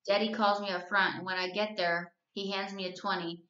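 A woman teacher reading a novel aloud to her class, telling the story at a steady, even pace. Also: mid-range voice, brisk, hardly any pauses. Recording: roomy, slightly dull recording.

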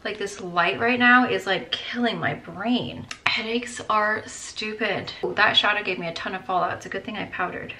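A woman's voice: mid-range voice, steady tone, moderate pace, hardly any pauses, pushed and bright. A woman in her thirties with a headache, chatting to viewers while doing her makeup, full of "like" and "you guys.". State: tired, with a headache. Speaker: beauty vlogger.

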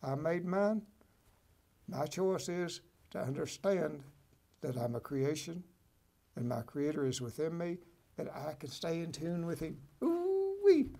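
On his motivational talk show, the host reads from a book and comments in a preachy, encouraging way, tossing folksy check-ins like "right?" and "okay?" to listeners. His slightly high, warm voice has vocal fry and moves a little slowly.

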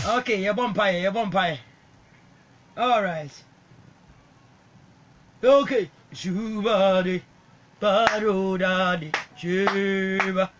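A woman's voice: mid-range voice, steady tone, extremely slow, pauses often, slight background noise. A Ghanaian woman, a gospel singer, fervently praying and half-singing live on the radio. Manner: fervent, prayerful, half-sung. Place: radio studio.

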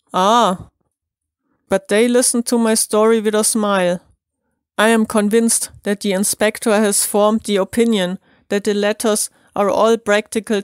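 Scared young guy pleading his case, slow and smooth , german accented woman doing him. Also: medium pitch, dry recording, studio quality, natural voice. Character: frightened young man telling his troubles.

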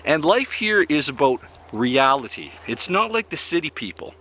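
A folksy man in his fifties from Canada speaks in a blunt, opinionated monologue, chuckling at his own jokes. His pitch rises and falls a lot, and his tone is bright and forceful. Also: very animated, moderate pace, a little hiss or hum. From Canada (Yukon). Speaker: vlogger living in an RV.

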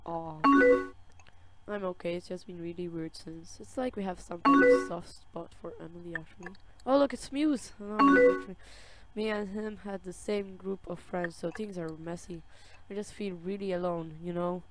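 A woman playing a game on camera, reading its chat messages aloud in a slow, drawn-out way and reacting with soft sympathy. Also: on the low side. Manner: reads dialogue slowly, with soft sympathetic reactions. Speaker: gaming video creator. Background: loud game music and keyboard typing.

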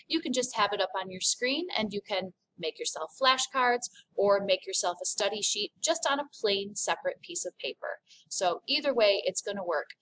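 An upbeat woman teaching a recorded remote class, her voice sitting a little high. She slows down and over-enunciates each French phrase so students can repeat it back. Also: fairly bright tone, slight background noise.

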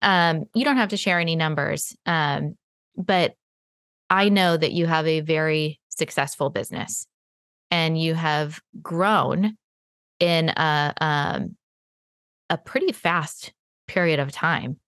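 A woman's voice: deep voice, slow, fairly bright tone, dry recording, studio quality. A woman hosting an interview podcast, encouraging and affirming her guest. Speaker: podcast host and spa marketing coach.

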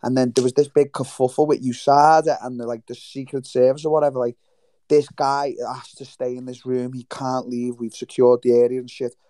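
A man's voice: medium pitch, flat delivery, brisk, warm tone, dry recording. A man, chatting casually in an interview, swearing freely and telling stories with quoted voices. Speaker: guest fighter. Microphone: remote livestream call.

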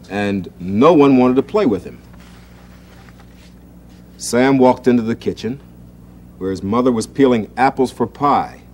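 A man hosting a 1960s children's show, reading a storybook aloud in a gentle, expressive way. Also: medium pitch. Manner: gentle, expressive storytelling, acting out the family's voices. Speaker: children's TV host. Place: TV studio set.

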